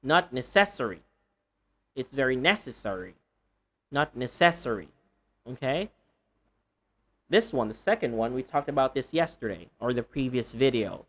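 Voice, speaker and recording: A man teaching English pronunciation, slowly repeating words one by one and joking between them. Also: medium pitch, lively intonation, fairly bright tone. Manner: slow deliberate repetition of words, playful and laughing. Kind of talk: pronunciation lesson.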